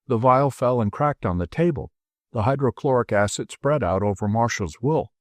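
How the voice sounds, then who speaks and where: An expressive male audiobook narrator reads scripted narration in a medium-pitched voice at a moderate pace. The sound is clean and studio-quality, with no room sound.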